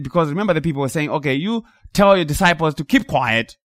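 A man preaching a sermon in an animated, emphatic way, rising to loud peaks and dropping low. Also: fast, few pauses, no room sound, studio quality.

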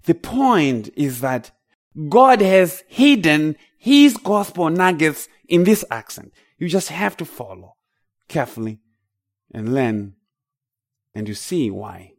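A man's voice: a little high, sing-song, slow pace. A man with a Zimbabwean accent, from Zimbabwe, preaching a sermon with emphatic, rising declarations.

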